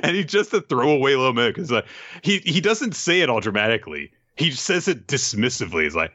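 A man's voice: medium pitch, sing-song, quick pace, sharp tone, no echo. A man co-hosting a podcast, recapping a manga in a rambling, laughing casual chat. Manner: rambling, laughing, lots of fillers. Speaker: podcast co-host. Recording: dull lo-fi sound, dry.

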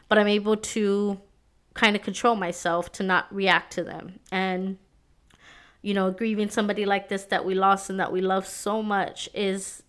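A woman's voice: medium pitch, a bit bright. A woman in her thirties hosting her own podcast, sharing personal reflections in a heartfelt, conversational way with many fillers. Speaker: podcast host.

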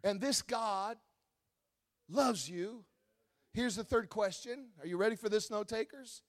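A male pastor from Wisconsin, preaching a sermon that swings between quiet teaching and loud, shouted exhortation. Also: high voice, measured pace.

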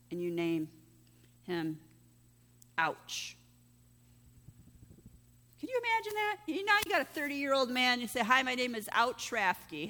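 A woman's voice: on the low side, bright, forceful tone. A woman pastor preaching a conversational sermon, often asking "right?" of the congregation. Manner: conversational, peppered with rhetorical "right?". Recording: long reverb of a large hall.

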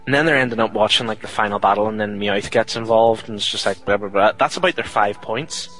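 Low-voiced man chatting casually. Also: quick pace, fairly bright tone, rough recording. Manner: rambling, filler-heavy, exasperated sighs. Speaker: podcast co-host. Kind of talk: casual chat reviewing a film.

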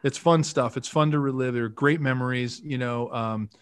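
A man's voice: medium pitch, fairly even intonation, normal speed, smooth. A man in his fifties from the Philadelphia area, a former pro football player telling rambling stories as a podcast guest, full of "you know" fillers. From Philadelphia area, USA. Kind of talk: casual storytelling interview.

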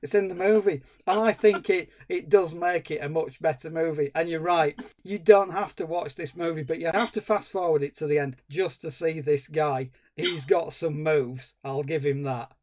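A man's voice: fairly high pitch, normal speed, few pauses, a little mellow. Sweary man, ranting podcast co-host. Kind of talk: casual chat.

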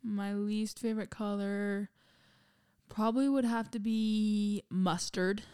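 A teenage girl chatting casually with a friend, asking quick questions and laughing mid-sentence. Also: medium pitch, steady tone, a little mellow, clear, resonant tone, no echo, studio quality. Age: teens. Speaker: co-host. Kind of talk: casual chat. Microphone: microphone.

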